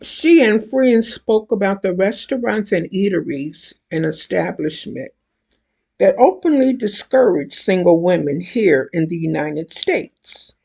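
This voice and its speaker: An older woman reads from her own book in a slow, deliberate manner. Her voice is gravelly and husky, and each phrase is measured out carefully. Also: medium pitch, expressive, warm tone. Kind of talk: reading a book excerpt aloud.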